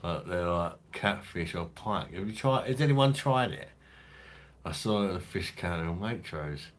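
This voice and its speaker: Deep-voiced crude London man chatting. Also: animated, normal speed. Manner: crude, rambling and joking, swears freely. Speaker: host of a beer review livestream. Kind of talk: casual livestream chat reading viewer comments.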